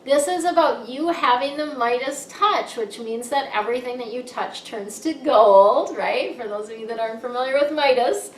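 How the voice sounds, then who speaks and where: An upbeat woman with a somewhat high voice reads tarot cards in a casual, encouraging way and keeps asking "right?". She sits back from the mic in a roomy, echoey space with a faint rumble behind her. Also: moderate pace, few pauses. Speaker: tarot card reader. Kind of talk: casual monthly tarot reading. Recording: echoey room, mic set far off.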